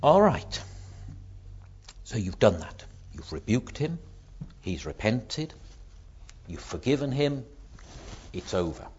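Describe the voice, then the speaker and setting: A man preaching a sermon, acting out the voices he quotes with lively rises and drops in pitch. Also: slow pace, long pauses, lo-fi sound, a little hiss or hum.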